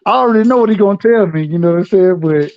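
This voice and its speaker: A man's voice: sits high, racing. A man, a regular guest on a live stream, giving advice in loose slang with frequent restarts. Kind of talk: casual live-stream chat. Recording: dull lo-fi audio.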